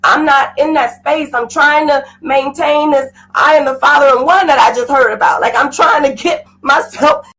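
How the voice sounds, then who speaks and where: A woman's voice: high-pitched, normal speed, a bit bright, poor audio. A middle-aged woman giving an intense, emotional personal testimony, her voice rising at times. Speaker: guest sharing a personal story.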